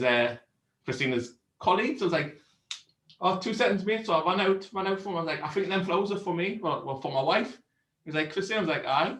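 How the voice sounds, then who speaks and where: A man with a higher-leaning voice, heard in an echoey room on a low-quality recording. He co-hosts a casual beer review show and tells a story full of swearing and frequent laughter, animated throughout.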